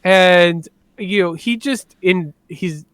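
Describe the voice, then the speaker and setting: A man in his thirties, co-hosting a casual podcast, telling stories in an animated way and laughing often. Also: high-pitched, slow pace, smooth, no room sound. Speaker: podcast co-host.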